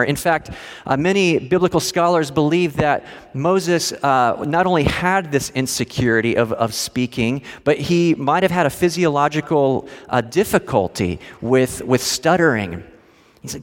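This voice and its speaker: A pastor delivering a sermon in a conversational way with dry humor. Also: male voice, mid-range voice, moderate pace, in a large hall.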